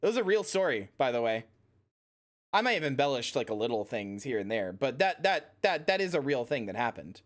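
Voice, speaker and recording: A woman streamer telling a story in casual stream chat, animated and rambling, and swearing casually. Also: extremely low pitch, fairly quick.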